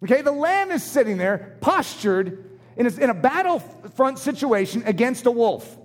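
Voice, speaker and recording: A man with a very high voice preaches a sermon at normal speed, animatedly acting out short little voices in his illustrations. The recording carries a long hall reverb.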